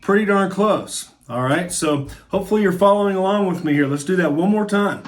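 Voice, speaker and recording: A middle-aged man with a somewhat high voice talks through a casual guitar lesson. He is friendly and encouraging, and he thinks aloud as he goes. Faint music plays behind him. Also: a little fast. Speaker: guitar teacher. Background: guitar playing.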